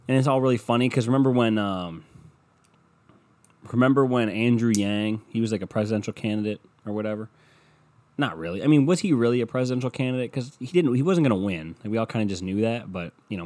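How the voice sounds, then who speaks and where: A young man with a slightly low voice rambles to his viewers in a casual vlog. His talk is loose and profane, and he keeps dropping mocking asides. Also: darkish tone.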